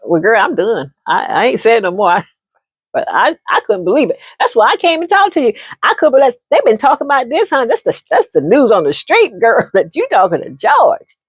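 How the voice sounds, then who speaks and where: Animated, husky-voiced woman storyteller. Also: fairly high pitch, a little fast, no echo. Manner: animated, laughs often, calls listeners honey. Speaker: storyteller giving relationship advice. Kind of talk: casual storytelling monologue.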